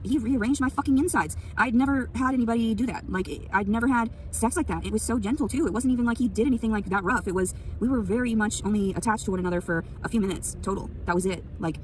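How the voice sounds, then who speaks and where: Young woman ranting fast into her phone, swears a lot, loud then quiet, faint hiss behind. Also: a little high, distant mic. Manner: rambling, profane, swings from loud anger to quiet sadness. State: sleepy. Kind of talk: emotional venting monologue.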